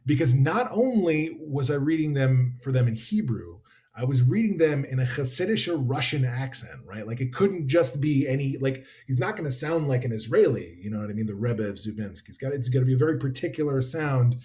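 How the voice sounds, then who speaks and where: A man's voice: mid-range voice, lively intonation, brisk, dark tone. A man author speaking conversationally over a video call, thoughtful and expansive with wry asides.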